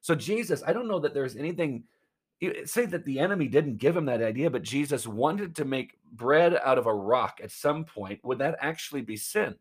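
A man's voice: medium pitch, lively intonation, normal speed, slightly rough. A man preaching a sermon in an earnest, emphatic way, often calling his listeners friends. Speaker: pastor.

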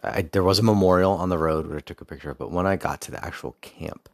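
Podcast host, young adult man, very deep voice, dry close sound, rambling storyteller with restarts. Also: quick pace, vocal fry, no echo. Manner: rambling, with frequent restarts and asides; faith-focused reflection. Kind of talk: casual personal storytelling.

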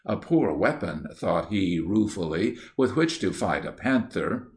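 A man narrating a storybook in a steady, measured reading voice that lifts for the dialogue. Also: low voice.

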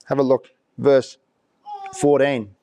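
A pastor preaching a sermon in church, talking conversationally and throwing out rhetorical questions in an animated way. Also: male voice, mid-range voice, slow.

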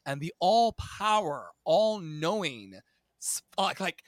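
A man in his thirties from Virginia, a singer and podcast guest, telling his life story in a dramatic, animated way and swearing freely. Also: fairly high pitch, takes it slowly, no room sound. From Virginia, USA. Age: 30s. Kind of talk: storytelling interview.

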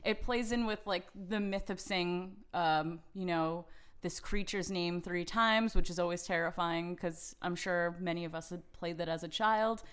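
Woman, podcast co-host, animated, laughs easily, casual chat. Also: on the low side, unhurried, smooth.

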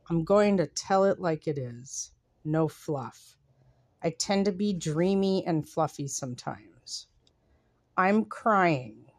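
A woman hosting a podcast, talking softly and reflectively with pauses, then reading her own writing aloud. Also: fairly low pitch, dry recording, clean studio sound. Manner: soft, unhurried and reflective, with pauses. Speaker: podcast host.

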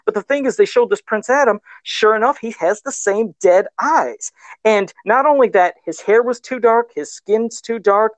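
A man's voice: high voice, normal speed, dry recording. A man co-hosting a casual live stream about toys, talking in a rambling, chatty way full of fillers. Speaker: co-host of a toy-collecting live show.

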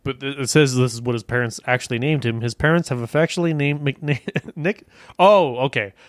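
A man's voice: mid-range voice, brisk, dry recording, clean studio sound. A man co-hosting a casual comedy podcast, crude and joking, reading a news story aloud with mocking asides. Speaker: podcast co-host.

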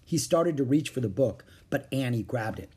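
A male audiobook narrator with a husky voice reads a children's story at a moderate pitch and pace. His intonation rises and falls expressively in every sentence, keeping the narration lively.

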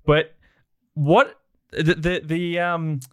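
A man's voice: fairly high pitch, level tone, drawn-out words, clean tone, no echo, clean studio sound. An Australian man chatting enthusiastically as a guest in a casual interview. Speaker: guest, documentary producer.

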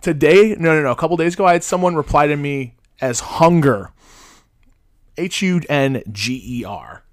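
A man's voice: fairly high pitch, animated, a little fast, no room sound, clean studio sound. Casual young man co-hosting a podcast. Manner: joking, rambling, self-deprecating. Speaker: podcast co-host. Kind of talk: casual chat. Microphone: headphones on a podcast mic.

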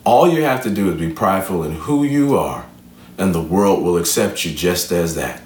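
A man's voice: low-pitched, lively intonation, moderate pace, a little mellow, a little hiss or hum. A man telling a fable and drawing an earnest, preacher-like motivational lesson from it. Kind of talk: motivational storytelling talk. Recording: roomy echo, from a distance.

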